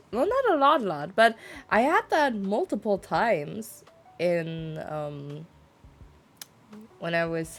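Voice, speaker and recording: A woman's voice: lowish voice, slight background noise. A young woman streamer chatting casually, giggling often and rambling through her stories. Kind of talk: casual chat on a game stream.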